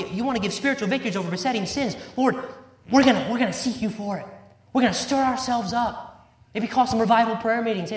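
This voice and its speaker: A man preaching a sermon with emphasis, repeating key words and quoting scripture in old-fashioned wording. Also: high-pitched. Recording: roomy echo.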